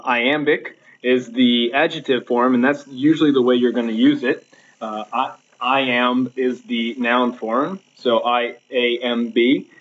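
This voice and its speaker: A man's voice: medium pitch, muffled recording. A man teaching from slides at home, explaining patiently with many fillers and restarts. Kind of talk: recorded slideshow lecture. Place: home, with a laptop.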